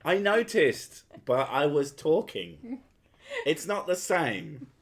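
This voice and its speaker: A man's voice: a little high, very animated, slow. A man with a Home Counties English accent, talking casually on a podcast, wry and joking, with some swearing. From Home Counties, England. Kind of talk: casual chat.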